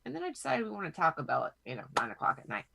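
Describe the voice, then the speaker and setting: A woman in her thirties, hoarse from a cold, chatting as a podcast co-host and telling rambling, profane stories. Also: sits low, huge pitch swings, rapid-fire, bright, forceful tone. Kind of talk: casual chat.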